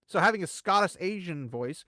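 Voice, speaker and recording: A man co-hosting a casual commentary chat, rambling and animated, swinging between loud bursts and quiet asides. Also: high voice, a little fast, no echo, studio quality. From United States. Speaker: co-host.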